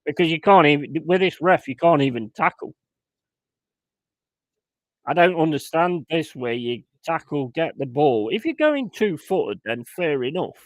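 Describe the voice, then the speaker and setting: A man's voice: fairly high pitch, sing-song, measured pace, dry recording. A man hosting a fan watchalong, calling the match and bursting into swearing, exasperated rants. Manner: swearing, exasperated ranting outbursts. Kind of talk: live match commentary and chat.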